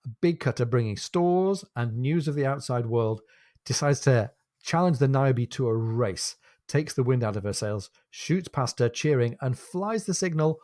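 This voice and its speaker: A man's voice: medium pitch, expressive, moderate pace, darkish tone, dry recording, clean studio sound. A man co-hosting a book discussion podcast, retelling the plot, reading passages from the text, and handing over to his co-host with questions.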